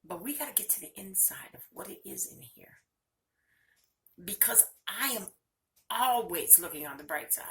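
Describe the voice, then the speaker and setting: A woman's voice: medium pitch, lively intonation, moderate pace, creaky, pauses often, sharp tone. An older woman talking candidly and earnestly in a personal video monologue, speaking straight to her viewers. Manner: candid, earnest, close to tears at times. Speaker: vlogger.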